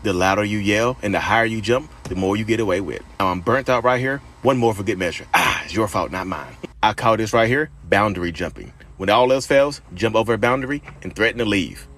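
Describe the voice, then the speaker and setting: Brief: a man playing a smug toxic guy leading a workout in a comedy sketch, fast sing-song instructor patter, pitched a little low. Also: lively intonation, a bit bright. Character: smug toxic male narcissist doing a workout tutorial. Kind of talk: comedic short video sketch.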